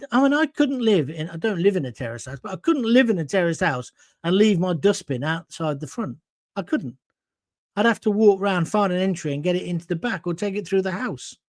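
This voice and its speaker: A man's voice: sits high, no echo, studio quality. A middle-aged man from Coventry hosting an online show, giving a blunt, rambling monologue and reading out viewer comments. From Coventry, England.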